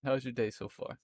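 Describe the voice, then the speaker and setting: A man's voice: medium pitch, gravelly, a little mellow, husky, dry recording. A young man from Florida with a Southern accent, chatting casually with viewers on a live stream, rambling and laughing often between lines.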